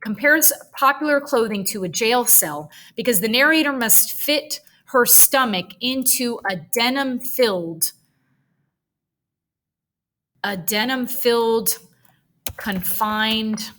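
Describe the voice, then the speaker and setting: A woman teaching writing at a computer, thinking aloud at an unhurried pace. Her voice is bright and a little high, and she keeps correcting herself with chatty, nerdy asides. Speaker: writing tutor.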